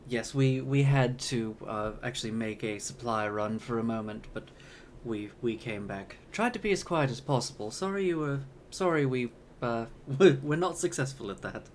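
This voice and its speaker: A man's voice: medium pitch, animated, normal speed, hardly any pauses, slight background noise, close to an everyday voice. A man voicing a polite female battle sister in power armor in a tabletop game, speaking courteously and hesitantly. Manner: courteous, hesitant, many fillers.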